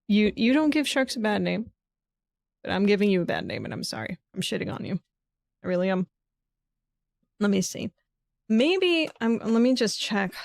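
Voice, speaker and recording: A woman's voice: mid-range voice, gravelly, no room sound, studio quality. A woman streamer thinking aloud as she works through a puzzle game, muttering to herself and swearing when she gets frustrated. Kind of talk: casual live game commentary.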